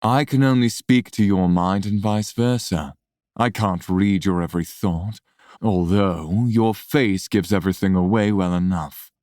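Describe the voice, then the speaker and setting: A woman voicing a smug, menacing man who speaks straight into others' minds, in a slow, low, teasing drawl, with a dry sound close to the mic. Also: mellow, no echo.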